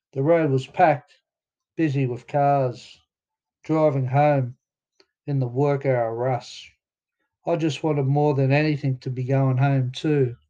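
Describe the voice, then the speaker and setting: Australian man, memoir narration, plainspoken, mellow, slightly muffled. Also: medium pitch. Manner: plainspoken, casual with swearing. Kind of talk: audiobook narration.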